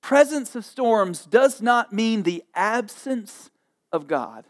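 High-voiced, animated man preaching. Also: takes it slowly. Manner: animated, jokey, acts out the people in the story. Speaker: pastor. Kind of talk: sermon.

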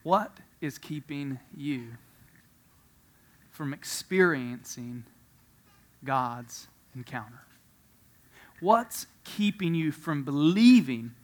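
A man preaching a sermon, telling a story with frequent laughter, swinging from quiet asides to loud emphasis. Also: fairly high pitch, lively intonation, very slow, long pauses. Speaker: pastor.

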